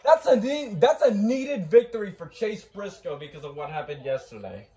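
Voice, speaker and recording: Young guy watching a race live, kinda high voice, yelling go go go then getting all choked up. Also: normal speed. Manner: excitable, shouting and cheering at the finish; quiet and emotional, close to tears. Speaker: host of a race watch-along. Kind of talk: live race reaction chat.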